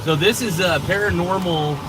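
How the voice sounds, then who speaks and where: A man's voice: high voice, normal speed, noisy background. A man rambling and joking crudely with lots of swearing while he vlogs live from inside his car, talking to a camera mounted in the car. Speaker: vlogger. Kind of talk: casual live-stream vlog while driving.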